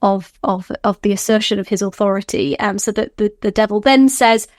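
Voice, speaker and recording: A woman scholar, a podcast guest, explaining in an animated way, laughing often and acting out quotes. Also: mid-range voice, a little fast, dry recording, clean studio sound. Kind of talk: podcast interview.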